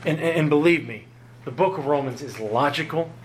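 A man preaching a sermon, emphatic and lively, often jumping up in pitch to drive home a point. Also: a little fast, slight background noise. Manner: emphatic, rises sharply in pitch to stress points. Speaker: pastor.

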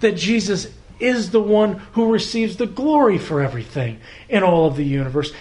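A man delivers a sermon from the pulpit, his voice sitting a little high. He speaks conversationally, asks the congregation rhetorical questions and plays out short back-and-forth exchanges. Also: a little mellow. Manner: conversational preaching with rhetorical questions and acted-out dialogue. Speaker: pastor.

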